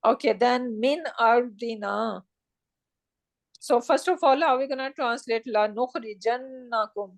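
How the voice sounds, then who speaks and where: A woman's voice: on the high side, a little slow, no echo. A woman teaching an Arabic grammar class, explaining step by step and checking with her students. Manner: patient, checks understanding with "right?".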